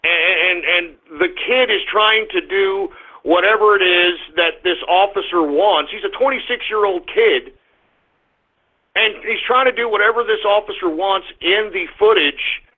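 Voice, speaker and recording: A man hosting an internet talk radio show, ranting loudly and cursing. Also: sits high, measured pace. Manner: ranting, profane, loud outbursts. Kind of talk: call-in talk radio monologue. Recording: tinny phone-line sound.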